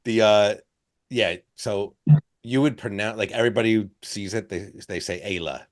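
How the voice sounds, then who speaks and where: A man's voice: on the low side, fairly even intonation, moderate pace, no room sound. A man hosting a podcast, chatting casually with a laid-back manner. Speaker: podcast host.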